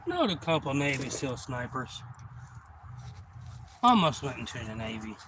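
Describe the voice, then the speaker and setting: A man hosting a live stream, telling a story in a rambling, profane way with lots of fillers, and getting loud when the story turns exciting. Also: medium pitch, normal speed. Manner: gets loud and excited when retelling action. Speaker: channel host. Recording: noisy background.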